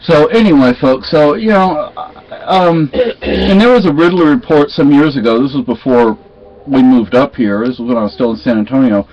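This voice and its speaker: A man's voice: medium pitch, normal speed. A man telling a story to his viewers in a casual, digressive way, stopping to correct himself. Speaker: vlogger. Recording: dull lo-fi home recording.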